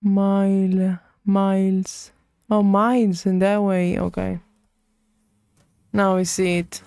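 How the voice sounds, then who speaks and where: A woman's voice: medium pitch, flat delivery, slow pace, dark tone, clean tone, no room sound. A woman streaming live, muttering to herself while she works at the computer and chatting with her viewers. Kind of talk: casual live-stream chat while coding.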